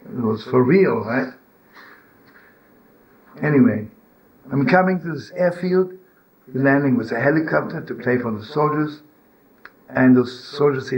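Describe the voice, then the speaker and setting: An older man giving an informal religious teaching, telling stories and asking "right?" and "you know?" to his listeners, rising to loud scolding when he acts out a harsh inner voice. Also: mid-range voice, measured pace, long pauses, poor audio. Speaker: rabbi and storyteller.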